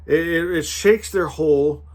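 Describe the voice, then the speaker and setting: A man's voice: a little high, measured pace. A man giving an informal, earnest sermon, rambling through personal stories with frequent restarts and asides to his listeners. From California, USA. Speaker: spiritual teacher.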